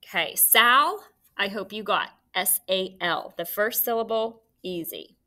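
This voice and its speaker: Slow, bright-voiced phonics teacher woman. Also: mid-range voice. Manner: slow, clear, encouraging instruction. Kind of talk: phonics lesson for young children.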